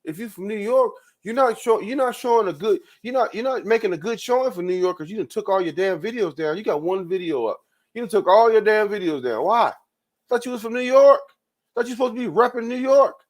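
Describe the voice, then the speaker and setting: A man's voice: high-pitched, animated, a little fast. A man hosting his own show, ranting in loose commentary with frequent profanity, repeated words and laughs. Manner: rambling, profane, repeats himself, laughs often. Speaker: show host.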